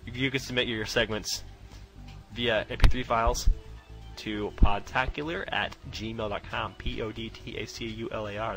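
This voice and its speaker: A man's voice: lowish voice, fairly even intonation, normal speed, creaky, bright, forceful tone, poor audio. A man hosting a podcast, giving contact details with joking banter. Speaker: podcast host. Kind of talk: casual chat. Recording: music bed underneath.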